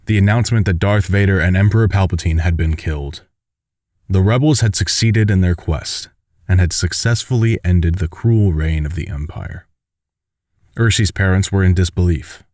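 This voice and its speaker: A man narrating a fan-made audiobook in a steady, even reading style. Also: deep voice, normal speed, dry recording, clean studio sound.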